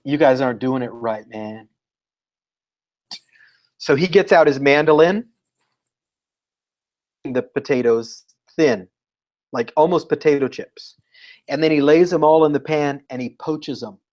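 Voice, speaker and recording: A man talking as a guest educator in a casual interview, telling lively stories and acting out what people said. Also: medium pitch, lo-fi sound. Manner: animated storyteller, acts out quotes.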